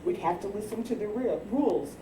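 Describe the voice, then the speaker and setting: A woman reciting her own comic rhyming poem at a family birthday party, animated and often breaking into laughter as she acts out shouted lines. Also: mid-range voice, brisk. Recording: echoey, distant home video with background noise.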